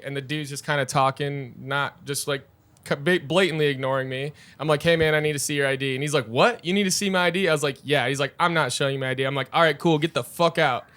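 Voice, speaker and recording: A man's voice: fairly high pitch, fairly bright tone, smooth. A man, a bartender co-hosting a podcast, telling profane stories from behind the bar and acting out his customers. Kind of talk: casual chat.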